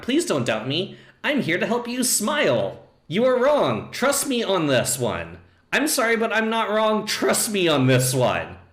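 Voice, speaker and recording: A man's voice: a bit bright, roomy sound. A man reading aloud as a stubborn AI chatbot that insists it is right, in a stiff, insistent way. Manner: reads stiff, insistent replies, dropping low on sign-offs.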